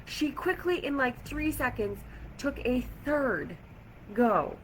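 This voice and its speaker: A woman vlogging to camera, chatty and animated as she retells an irritating day, with lots of "like". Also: sits high, takes it slowly, a little hiss or hum, rough recording. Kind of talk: casual storytelling to camera. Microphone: camera or phone mic.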